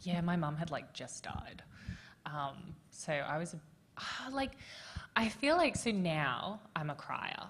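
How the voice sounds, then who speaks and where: This is a woman speaking on a festival panel, with a notably low voice. She talks candidly and with feeling, her thoughts running on with casual fillers. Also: animated, slow, a bit bright. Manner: frank and emotional, with many fillers and laughs. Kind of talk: candid conversational panel talk.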